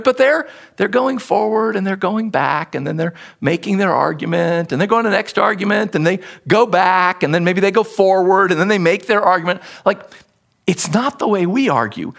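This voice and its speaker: A middle-aged man preaching a sermon in an animated, conversational way, acting out quotes as he explains a text. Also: sits high. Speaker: pastor.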